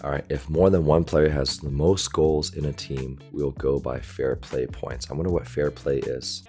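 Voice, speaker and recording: A very deep-voiced man chats casually while reacting to an anime episode. He keeps pointing out small animation details, and faint music plays behind him. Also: fairly even intonation, moderate pace, mellow. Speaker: volleyball coach reacting to anime. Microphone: desktop USB microphone.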